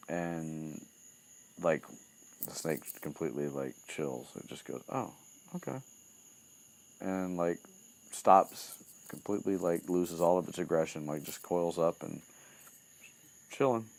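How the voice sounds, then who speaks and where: A man's voice: very deep voice, a little mellow. A man casually retelling a book chapter, full of fillers like "like" and "um", with casual swearing. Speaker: podcast host retelling a book. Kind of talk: casual chat.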